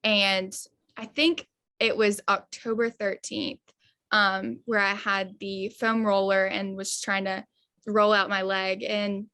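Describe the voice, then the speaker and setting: Even-toned young woman recounting. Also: mid-range voice, takes it slowly. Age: 20s. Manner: earnest, retelling events step by step. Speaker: guest. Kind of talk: podcast interview storytelling.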